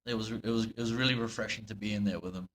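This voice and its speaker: A man with a New Zealand accent co-hosting a podcast. He chats in a relaxed way, with easy laughter. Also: on the low side, racing. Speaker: podcast co-host, pro wrestler. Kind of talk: casual podcast chat. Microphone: podcast microphone.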